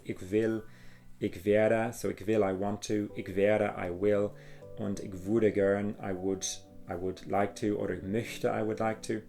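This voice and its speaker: A man teaching German exam phrases, explaining slowly and reading phrases carefully with some hesitations. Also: lowish voice, creaky, darkish tone. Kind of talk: exam prep lesson.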